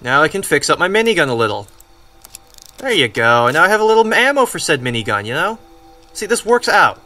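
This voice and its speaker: A young man commenting on a video game he is playing, excitable and swearing, often yelling at the game. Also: a little high, a little fast. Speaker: let's play gamer. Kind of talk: gameplay commentary. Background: game music.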